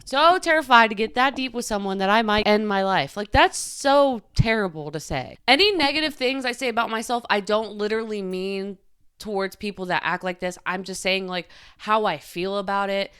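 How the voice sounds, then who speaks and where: A woman's voice: medium pitch, animated, moderate pace, fairly bright tone, clear, resonant tone. A young adult woman hosting a podcast, talking candidly and emotionally about her own struggles, with "like" in nearly every sentence. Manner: confessional, heavy use of "like", emotional. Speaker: podcast host. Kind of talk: candid personal podcast monologue.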